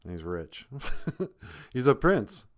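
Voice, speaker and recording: A man's voice: fairly low pitch, very animated, slow. A man hosting a live stream, telling a comic folk tale in a loose, off-the-cuff, joking way. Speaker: live-stream host and storyteller. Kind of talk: rambling comic storytelling.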